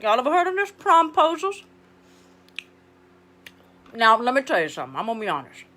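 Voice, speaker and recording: A woman's voice: fairly high pitch, huge pitch swings, fairly quick, bright, forceful tone, heavily acted. A woman playing a brassy, blunt former schoolteacher in an improvised comedy monologue, sassy and rambling. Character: brassy blunt middle-aged female ex-schoolteacher. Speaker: comedic livestream host character.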